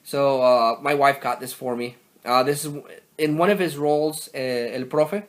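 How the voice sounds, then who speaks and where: In a mid-range voice at normal speed, a young man from Mexico walks through his collection in a casual show-and-tell vlog. He rambles, using many fillers and self-corrections.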